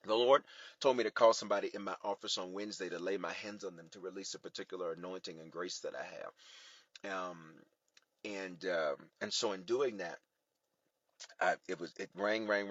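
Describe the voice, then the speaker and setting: A man preaching as a bishop on a livestream, energetic, talking straight to viewers and repeating phrases for emphasis. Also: sits low, brisk, slightly rough, no echo, dull audio. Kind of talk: livestream sermon.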